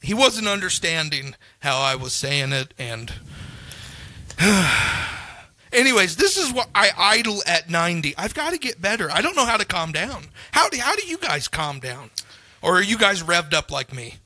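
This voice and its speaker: A man's voice: high-pitched, sing-song, normal speed, pushed and bright, dry recording. A man in his thirties co-hosting a comedy podcast, telling a family story in a worked-up way and acting out the voices. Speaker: podcast co-host.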